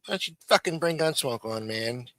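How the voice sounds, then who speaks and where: Hosting a live stream recap on a studio mic for a radio-style show, a man speaks at medium pitch with lively intonation, a fairly quick pace and a bright, forceful tone. The sound is clean studio quality with no echo, and he casually ribs his guests in a profane, streetwise way.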